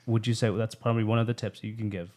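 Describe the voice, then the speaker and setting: A man's voice: on the low side, level tone, quick pace, darkish tone. A man hosting a casual chat show, steering the talk and asking his guest for tips. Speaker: podcast host. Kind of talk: casual chat over drinks.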